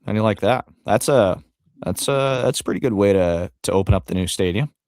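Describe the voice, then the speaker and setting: A man's voice: on the low side, brisk, darkish tone, dry recording, studio quality. A man co-hosting a sports podcast, rambling casually with frequent fillers and the odd curse. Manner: rambling, profane, trails off with fillers. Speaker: podcast co-host.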